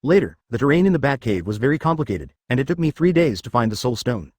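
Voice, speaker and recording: A man reading as a calm learned cultivator. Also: mid-range voice, fast, no echo, clean studio sound. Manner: calm, explanatory. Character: calm knowledgeable male cultivator companion.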